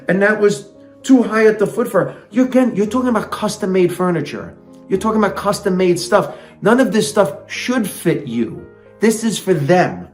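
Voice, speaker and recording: A man's voice: sits high, echoey room. A man reading a fairytale aloud and breaking off into sarcastic, indignant comic rants. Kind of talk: comic storybook reading with ranting asides.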